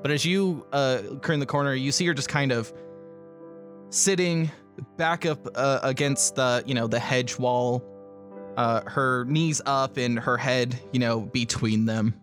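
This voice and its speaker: A man's voice: medium pitch, steady tone, measured pace, fairly bright tone, faint music behind. A man narrating a tabletop game as game master, rambling with many fillers. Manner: rambling, full of fillers and laughs.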